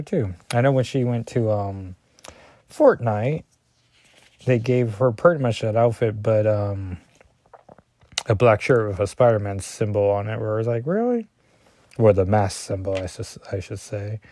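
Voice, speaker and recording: A man's voice: fairly low pitch, a little mellow, no room sound. A man casually reading through a comic issue as a reviewer, rambling with chatty asides and self-deprecating remarks.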